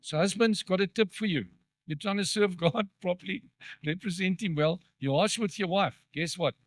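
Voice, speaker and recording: Talking conversationally from the pulpit, this pastor poses questions to his congregation during a church sermon. He speaks high-pitched at a moderate pace, with no room sound.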